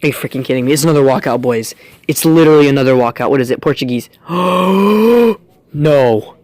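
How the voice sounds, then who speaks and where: A young man commentating a game pack opening, jumping from quiet mumbling to loud, high yelling. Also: expressive, fairly quick, no echo. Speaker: gaming YouTuber.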